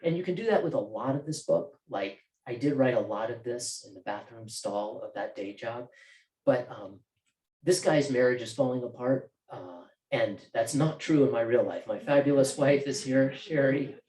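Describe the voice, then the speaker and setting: A man's voice: medium pitch, moderate pace, a little mellow. A male author reading from his novel at a bookstore event, with casual joking asides. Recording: roomy bookstore echo.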